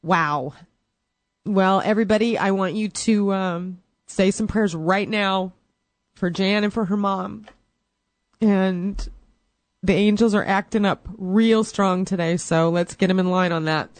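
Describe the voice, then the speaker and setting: A woman's voice: medium pitch, a little slow, dry recording. A middle-aged woman hosting a call-in radio show, giving spiritual advice to a caller in a soothing, affectionate way with pet names.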